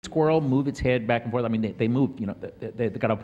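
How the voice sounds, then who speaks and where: An older man answers fan questions at a convention panel, telling his stories with quick restarts, stammers and easy laughter. His mid-pitched voice carries the long reverb of a large hall. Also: narrow, tinny audio. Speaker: panel guest.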